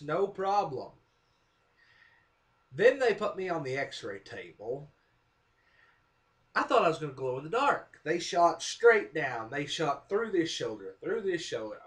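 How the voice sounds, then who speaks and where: A man with a fairly high voice tells a funny story from his own life straight to camera. His pitch jumps around a lot as he acts out what other people said and pokes fun at himself. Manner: animated, self-mocking, acts out quotes. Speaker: vlogger. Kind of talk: casual storytelling monologue.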